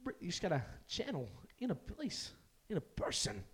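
A man's voice: sits high, wildly swooping pitch, moderate pace, breathy edge. A young man hosting a podcast, joking around, swearing and repeating words for laughs. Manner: joking, swearing, goofy repetition. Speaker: podcast host. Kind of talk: casual chat.

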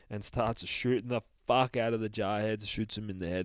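A man's voice: lowish voice, fairly even intonation, normal speed, few pauses, dry recording, poor audio. A man hosting a podcast, casually retelling a comic in a rambling, profane, laughing way. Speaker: podcast host reviewing a comic.

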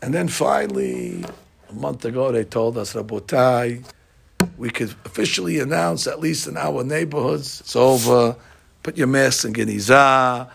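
Gravelly-voiced rabbi preaching. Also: male voice, medium pitch, fairly even intonation, moderate pace. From United States. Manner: storytelling with wide swings between hushed and loud, repetitive. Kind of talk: sermon.

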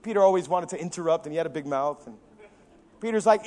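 Animated high-voiced male pastor preaching. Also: fast talker. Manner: animated, swings from loud emphasis to quiet intensity; acts out quotes of biblical figures with his own voice. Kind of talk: sermon.

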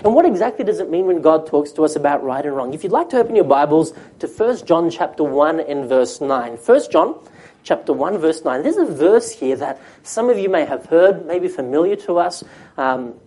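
A man's voice: on the high side, very animated, moderate pace, darkish tone, slightly rough. A man preaching a sermon as a pastor, talking conversationally and asking the congregation questions.

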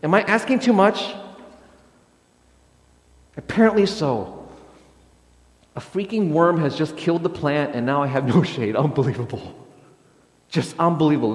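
A man's voice: a little high, darkish tone. A man voicing a grumbling, self-pitying male prophet who complains melodramatically. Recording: echoey hall reverb.

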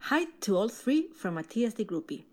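A woman from Spain records a cheerful birthday greeting for a podcast as a fan. Her pitch moves a lot, and her voice has a husky grain. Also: very animated, a little fast, darkish tone. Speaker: listener sending a message.

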